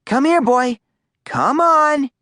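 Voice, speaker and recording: A woman voicing an eager, brave young boy in a storybook reading, talking excitedly in a raised voice. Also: sits high, slow pace, slight background noise, pitched above the performer's own voice, full character voice.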